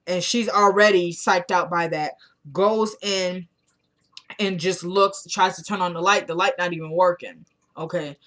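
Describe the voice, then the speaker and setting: A woman casually recapping a TV episode for her viewers, retelling scenes with quick asides to the audience. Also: fairly low pitch, steady tone, fairly bright tone.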